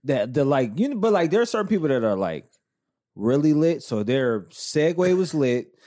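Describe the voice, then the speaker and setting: A man hosting a casual podcast chat, rambling and halting with many fillers. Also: on the high side, sing-song, mellow, no echo, studio quality. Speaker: podcast host.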